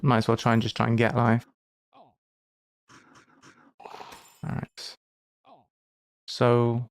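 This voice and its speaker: A man's voice: mid-range voice, gravelly, clear, resonant tone, dry recording. A man giving live commentary while he plays a game, chatty and thinking aloud, with playful asides. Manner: playful asides and mock lectures. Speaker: game streamer.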